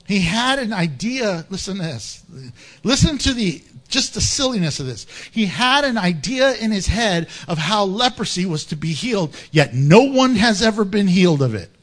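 A man preaching a sermon as pastor in a church, animated and humorous, laughing often and acting out Bible stories. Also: high-pitched, normal speed.

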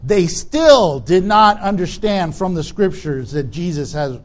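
A man's voice: high-pitched, animated, a little slow. A male pastor preaching a conversational sermon and asking his listeners rhetorical questions.

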